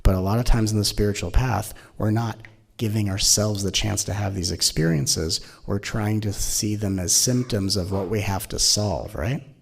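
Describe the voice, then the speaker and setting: A man giving an animated, playful spiritual talk as a teacher, often slipping into mocking voices. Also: on the low side, normal speed, creaky, breathy edge.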